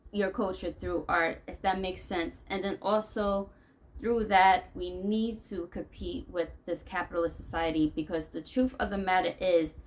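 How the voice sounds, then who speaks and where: A woman's voice: on the low side, rough recording. An American woman vlogging, talking her thoughts through in a loose, rambling way. Her tone is conversational and unscripted, the kind of venting talk that circles back on itself. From United States. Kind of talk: venting monologue.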